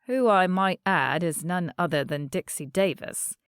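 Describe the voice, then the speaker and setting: A woman narrator voicing a gentle, reassuring young man with dry humor, in an audiobook. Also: lowish voice, unhurried, clean tone, dry recording. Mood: wry. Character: supportive young man, calm boyfriend type.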